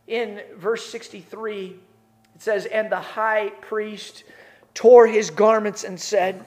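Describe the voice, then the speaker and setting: A man delivers a sermon as a pastor. He retells the scene with vivid, acted-out voices, swinging from emphatic near-shouts to hushed, quiet passages. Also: sits high, steady tone, measured pace. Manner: dramatic retelling with voiced characters, emphatic rises.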